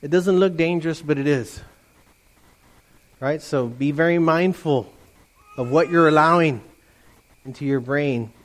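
A middle-aged man preaching a lively sermon to his congregation, animated and playful, often mimicking voices. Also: on the high side, a little slow, long pauses. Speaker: pastor.

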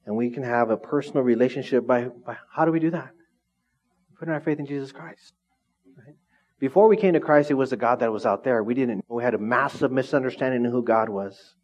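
A man preaching a sermon to a congregation in a relaxed, conversational way, often asking the room questions. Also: mid-range voice, a little fast, highs cut off. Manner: conversational, lively, asks the audience questions. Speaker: pastor. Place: church hall with congregation.

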